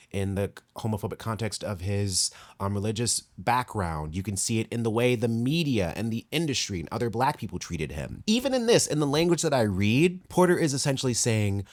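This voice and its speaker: A man delivering video essay commentary, impassioned and blunt, with sudden emphatic rises and long read-aloud passages. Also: on the low side.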